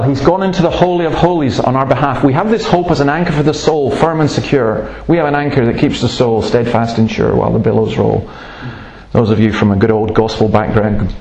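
A man's voice: mid-range voice, a little mellow. Man preaching in an echoey room. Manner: earnest, emphatic preaching with storytelling asides. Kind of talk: sermon. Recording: roomy, echoey room sound.

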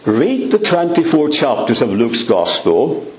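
A man preaching a sermon in a church, with dramatic pauses and a voice that drops low on repeated refrains. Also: big pitch swings, darkish tone. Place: church hall. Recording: echoey church sound.

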